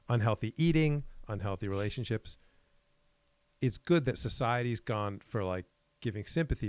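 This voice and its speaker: A man with a lowish voice talks things over on a podcast. He works out his ideas as he goes, halting and restarting. The sound is dry and close to the mic. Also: darkish tone, dry recording. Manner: thinking aloud, halting with restarts. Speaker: podcast host. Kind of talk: casual chat.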